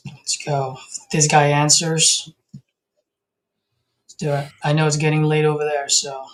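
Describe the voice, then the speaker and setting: A man's voice: a little high, little pitch movement, unhurried, a bit bright. A man on a live call session, talking to a seller in an easygoing, friendly way. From California. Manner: easygoing, friendly, casual phone patter. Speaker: host, real estate investor calling sellers.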